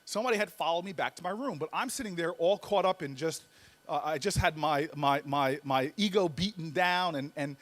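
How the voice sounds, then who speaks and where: A man giving a humorous storytelling speech as a guest speaker, animated and full of comic timing, often repeating words as he builds up. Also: a little high, a little fast.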